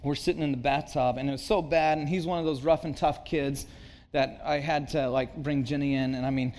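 A man in his thirties preaching a sermon as a pastor, earnest, moving between hushed and emphatic delivery. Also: fairly high pitch, fairly even intonation, brisk. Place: church sanctuary. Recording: church hall reverb.

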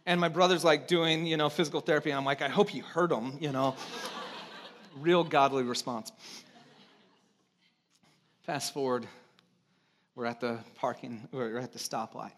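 A man's voice: mid-range voice, fairly even intonation, normal speed, pauses often, a bit bright. A man in his thirties from California, preaching a sermon as a pastor in a conversational storytelling way with self-mocking humor.

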